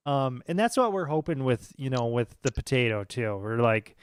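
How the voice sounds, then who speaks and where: An American man in his thirties, chatting casually on a podcast and swearing freely as he rambles through his stories. His voice sits at an ordinary middle pitch and is recorded dry and close, with no room echo. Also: lively intonation, normal speed, clear, resonant tone. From United States. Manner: profane, rambling storyteller. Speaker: podcast co-host. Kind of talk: casual chat.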